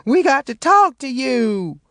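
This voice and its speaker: A man voicing an excitable woman who shrieks and moans her news. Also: very high-pitched, takes it slowly, creaky, no echo, studio quality, voice pushed up, heavily acted. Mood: shrieking. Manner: shrieking, moaning.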